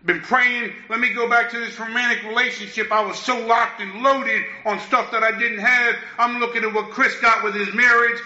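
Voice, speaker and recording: A man's voice: very high voice, level tone, moderate pace, few pauses, bright, forceful tone. A man giving a candid, emphatic personal share at a recovery meeting, often throwing in "man" and "listen". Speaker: speaker sharing at a recovery meeting. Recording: dull lo-fi echoey room.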